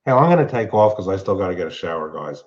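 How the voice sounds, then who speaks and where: A man with a low voice who talks in a relaxed, somewhat halting way. He speaks as a guest on a live stream. His voice comes over a slightly muffled, dull line. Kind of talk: casual live stream chat.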